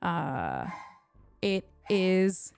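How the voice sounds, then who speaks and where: A woman's voice: fairly low pitch, wildly swooping pitch, drawn-out words, creaky, a little mellow, slight background noise. A woman from Puerto Rico hosting a casual livestream unboxing at home, chatting and bantering with viewers in the chat. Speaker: tech livestream host.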